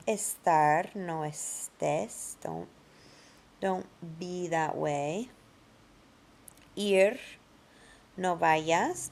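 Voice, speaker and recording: A woman with a low, deeply gravelly voice teaches a grammar lesson. She speaks unhurriedly and patiently, working step by step through each rule. She pronounces the example words slowly and carefully. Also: darkish tone. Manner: patient, explains step by step with examples in both languages. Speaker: Spanish teacher.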